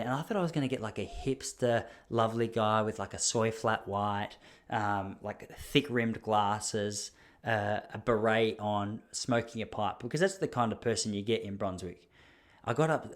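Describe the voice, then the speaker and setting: An Australian man hosting a podcast, telling a rambling, self-deprecating story and often laughing. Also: medium pitch. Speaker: podcast host. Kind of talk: casual storytelling monologue.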